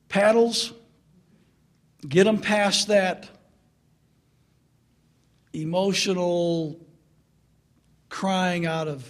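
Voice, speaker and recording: Middle-aged guy preaching, slow and drawn out, kinda high voice, gets loud laughing then goes real quiet and earnest. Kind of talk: storytelling sermon.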